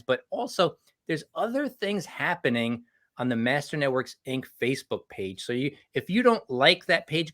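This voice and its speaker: A man's voice: fairly high pitch, a bit bright. A man co-hosting a live online business show, chatting casually, laughing often and greeting viewers by name. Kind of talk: casual live-stream chat.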